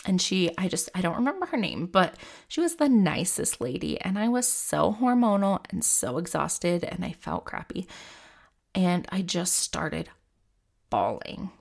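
A woman's voice: lowish voice, big pitch swings, unhurried, creaky, darkish tone. A woman in her thirties telling a personal story in a casual, rambling, candid way, full of "like" fillers.

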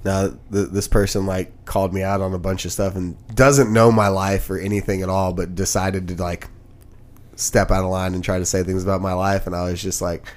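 A man's voice: low voice, a little fast. A man co-hosting a podcast, a working musician, telling candid stories in a casual chat. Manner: candid, storytelling, animated retellings.

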